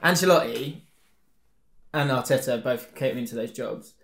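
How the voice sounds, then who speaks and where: A man co-hosting a podcast, chatting casually and quickly, often laughing. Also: mid-range voice, fairly bright tone, reverberant. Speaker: podcast co-host. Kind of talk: casual chat.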